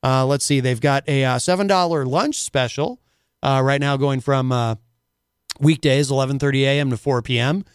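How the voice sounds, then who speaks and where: A man's voice: mid-range voice, moderate pace, clear, resonant tone, no room sound, clean studio sound. A man hosting a casual talk radio show, rambling and full of filler words.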